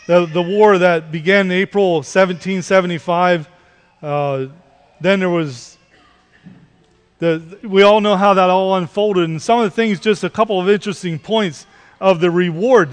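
A male pastor with a notably high voice delivers a Sunday sermon, pressing his points with repeated, emphatic questions. His voice rings out in a church sanctuary, trailing a long reverb from the large room.

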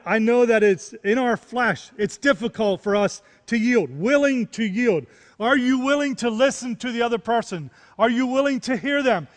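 A man's voice: high voice, long reverb tail. A man preaching a sermon, repeating key phrases and rising into emphatic questions. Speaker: pastor.

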